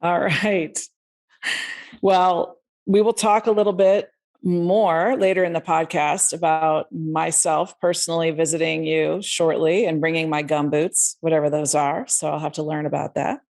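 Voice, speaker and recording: A woman's voice: low-pitched, little pitch movement, a little slow, darkish tone. A woman hosting a podcast interview, upbeat and conversational as she welcomes listeners and asks her guest questions. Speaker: podcast host.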